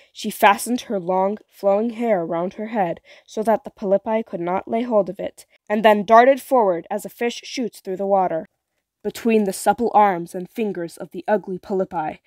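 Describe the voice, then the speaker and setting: A woman narrating a fairytale in a measured, expressive way. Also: mid-range voice, dry recording. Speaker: storyteller. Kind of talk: fairytale read-aloud.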